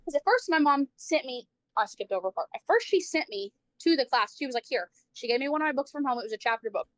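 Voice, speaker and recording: A woman's voice: sits high, animated, fast, a bit bright, no echo. A woman livestreamer telling a personal story in casual chat, saying "like" a lot, swearing freely and acting out the people she quotes.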